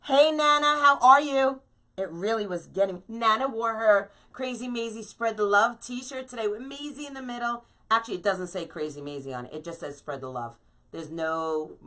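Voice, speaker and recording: Hosting a live crafting stream, a middle-aged woman speaks in a deep, fairly bright voice. She chats casually, breaks into emphatic rants, and keeps tagging her lines with "okay?".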